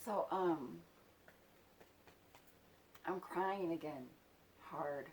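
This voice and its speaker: A woman's voice: sits low, extremely slow, a little mellow, slight background noise. A woman in her forties tells an emotional personal story. She swears freely, her voice rises when she is angry and drops almost to a whisper. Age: 40s.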